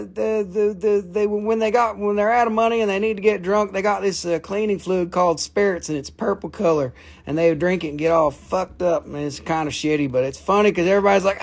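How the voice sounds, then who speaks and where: Gravelly, joking man selling crystals. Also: sits high. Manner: joking, rambling, cusses a lot. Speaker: host of a live crystal sale. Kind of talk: casual live sales chat.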